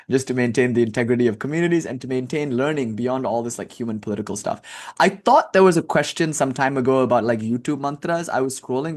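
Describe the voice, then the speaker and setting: Chatty male spiritual teacher. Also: medium pitch. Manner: conversational, animated storytelling with filler words. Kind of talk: casual lecture.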